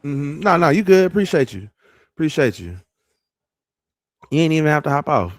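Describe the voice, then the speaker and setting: A man's voice: fairly high pitch, very animated, moderate pace, dry recording. Male podcast host, casual emphatic commentary, dry close sound. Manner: conversational, fillers, emphatic.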